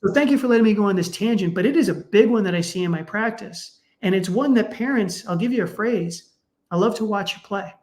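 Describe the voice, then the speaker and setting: A middle-aged man, a sports psychologist guest, speaking in a conversational, animated way and acting out the people in his stories. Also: fast talker, hardly any pauses. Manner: animated, acts out quoted parents with raised pitch. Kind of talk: conversational storytelling.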